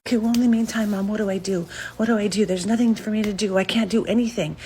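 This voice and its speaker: A woman's voice: steady tone, fast, warm tone, slight background noise, lightly acted. A woman in a comedy skit voicing a whiny, phone-obsessed teenage daughter who pleads dramatically with her mom. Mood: pleading. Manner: pleading, high-strung, exasperated.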